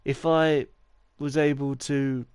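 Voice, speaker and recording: A man's voice: mid-range voice, flat delivery, slow pace, darkish tone, clear, resonant tone, no room sound, studio quality. A man live-streaming a baseball game, talking in a rambling, stuttering, encouraging way. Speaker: gaming streamer.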